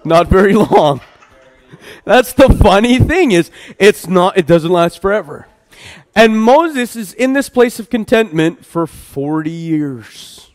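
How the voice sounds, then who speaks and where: Self-deprecating pastor preaching in a reverberant hall. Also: male voice, sits high, expressive, takes it slowly. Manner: conversational preaching, stumbles over words and laughs at himself. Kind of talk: midweek sermon. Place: church hall.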